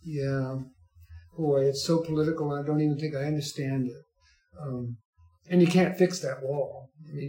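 Older male guest, wry rambling storyteller, slightly high voice, echoey room. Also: expressive, moderate pace, warm tone. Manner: rambling, wry, chuckling asides. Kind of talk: casual interview chat. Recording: echoey room, faint music.

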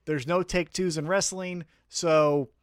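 A man's voice: fairly high pitch, slow, smooth, dry recording, studio quality. A man co-hosting a podcast in casual chat, telling stories with lots of swearing and acted-out quotes. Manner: profane, animated storytelling with acted-out quotes. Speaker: podcast co-host.

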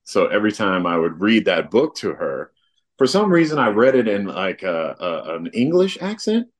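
A man talking casually in an interview, relaxed and rambling, with lots of fillers. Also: fairly low pitch, normal speed. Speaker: guest, artist and father.

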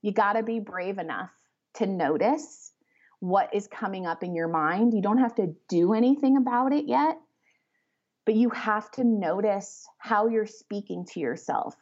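A woman author talking as a podcast guest, rambling and animated, with many fillers as she explains her ideas. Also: mid-range voice, a little slow. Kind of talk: conversational interview. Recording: slightly muffled lo-fi audio.

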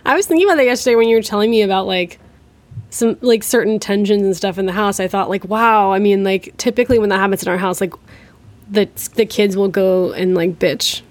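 A woman hosts a podcast in a mid-pitched voice. She chats easily, laughs often and keeps the talk going with short supportive replies. Her voice sounds dry and close. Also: no room sound. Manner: chatty, quick to laugh, supportive backchannels. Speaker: podcast host. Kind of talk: casual chat.

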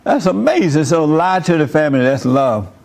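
A man's voice: on the high side, big pitch swings, normal speed, vocal fry, darkish tone. Joking man hosting a faith talk. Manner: joking, chuckles through stories; preachy when explaining. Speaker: host leading a faith discussion. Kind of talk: casual chat.

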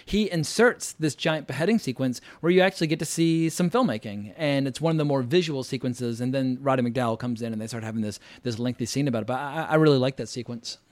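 A man's voice: medium pitch, quick pace, hardly any pauses, a little mellow, dry recording. A man hosts a film podcast and talks in a blunt, opinionated way. He speaks in long, fluent runs, and the recording is dry and close. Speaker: podcast host. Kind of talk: casual film discussion.

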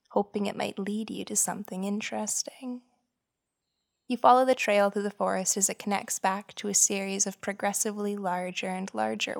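A woman hosting a podcast, giving scripted, measured narration that explains ideas and tells a story. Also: medium pitch, creaky.

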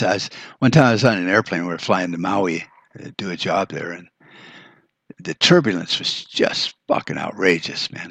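A deep-voiced American man rants in a blunt, frustrated podcast monologue, swearing freely. His voice is husky and low. The sound is dry and close, with no room around it. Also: a bit bright, no echo. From United States. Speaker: podcast host. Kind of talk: profane ranting monologue.

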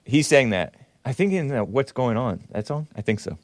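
A man's voice: lively intonation, normal speed, no room sound. Mocking male talk show host, dry sound. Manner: mocking, laughing asides, jumpy pitch. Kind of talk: casual political commentary.

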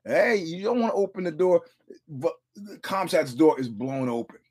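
A man's voice: a little high, big pitch swings, normal speed, darkish tone, breathy edge. A male podcast host giving casual fight commentary. He tells profane stories, acts out quotes, repeats and restarts his words, and chuckles often.

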